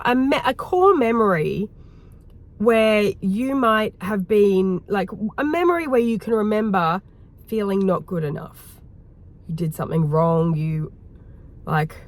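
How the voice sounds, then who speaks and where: A woman hosting her own video and leading a heartfelt guided reflection, rambling gently and filling her talk with "like". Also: medium pitch. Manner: rambling, heartfelt, full of "like" fillers. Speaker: wellness host.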